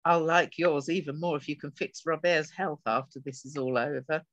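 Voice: mid-range voice, steady tone, normal speed, a bit bright, no echo, muffled recording. An author reading an extract from her own science fiction novel aloud, giving the characters light changes of voice.

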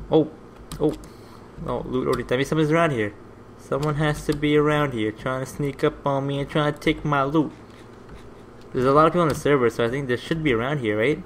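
A man hosting a gaming video, giving rambling let's play commentary that is easily excited and full of swearing. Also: medium pitch, a little hiss or hum.

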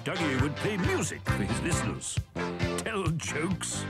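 A man narrating a children's cartoon as a gently amused storyteller. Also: fairly high pitch, big pitch swings, measured pace, loud music behind the voice.

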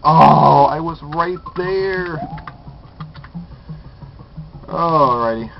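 A man's voice: a little high, slow, creaky. Cursing, exasperated young-sounding gamer man. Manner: cursing, exasperated, muttering to himself. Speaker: gameplay commentator. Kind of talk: frustrated let's play commentary. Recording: dull lo-fi capture with loud guitar music. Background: guitar music.

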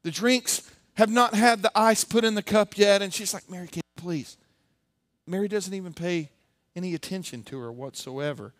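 A male pastor preaching a sermon with animated, humorous storytelling. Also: high-pitched, normal speed, no room sound, studio quality.

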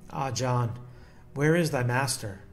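A man reading aloud the lines of a grieving holy mother in a solemn, measured devotional style with archaic phrasing. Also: mid-range voice, soft background music. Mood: mournful. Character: sorrowing mother of Jesus, grieving woman.

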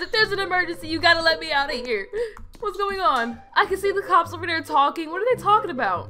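A woman's voice: very high voice, big pitch swings, brisk. A woman narrating her roleplay game with indignant, dramatic reactions, talking to viewers, over game music. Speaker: gaming video narrator.

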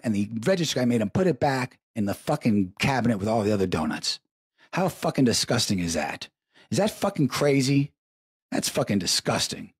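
Man, middle-aged, live show host, profane rambling stories, stoned, low-pitched, raspy. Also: a little mellow, no echo, studio quality. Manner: profane, rambling, emphatic repetitions. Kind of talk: crude stream-of-consciousness storytelling.

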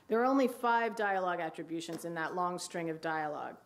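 A woman's voice: brisk, few pauses. A woman teacher giving a wry talk on writing dialogue, reading passages aloud. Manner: wry, reads quoted dialogue in a hushed low voice. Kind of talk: lecture with read-aloud excerpts. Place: lecture hall.

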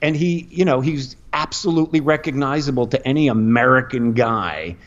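A middle-aged man, a comedian guest, telling a long rambling story on a podcast, animated and full of restarts. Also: mid-range voice, moderate pace. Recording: dull lo-fi podcast audio.

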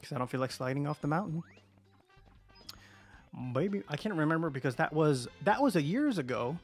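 A man's voice: fairly high pitch, very animated, a little fast, faint music behind. A man casually commentating as he plays a video game on a livestream, joking around and greeting viewers. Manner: goofy, joking, chatting to viewers. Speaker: streamer.

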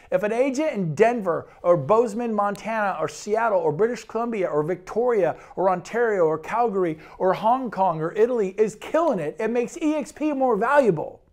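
A man's voice: high-pitched, darkish tone. Enthusiastic rambling real estate man. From Sacramento, California. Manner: enthusiastic, rambling, repeats phrases. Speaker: real estate broker presenting a brokerage. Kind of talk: sales pitch talk.

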